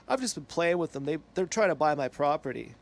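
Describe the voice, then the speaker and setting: A man's voice: a little high, animated, brisk, gravelly. A man mimicking a big, nervous man who is close to tears, in a whiny, mocking tone.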